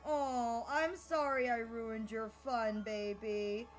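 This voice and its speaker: High-pitched woman streamer, gushing and excitable, live gameplay commentary over quiet music. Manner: giddy, gushing, fast reactions and gasps.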